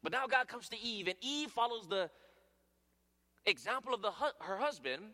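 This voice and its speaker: A man preaches a sermon in a large hall, his voice bright and forceful. He pitches his voice on the higher side for a man and lets long reverb trail each phrase. He swings from loud emphatic peaks down to hushed, near-whispered lines, and he keeps addressing the listeners as friends. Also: expressive, normal speed.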